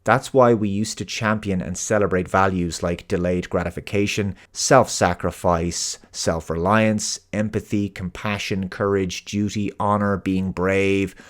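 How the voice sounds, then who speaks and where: A man's voice: low voice, fairly even intonation, a little slow, hardly any pauses. An Irish man hosting his own show, delivering an earnest, emphatic opinion monologue. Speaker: host.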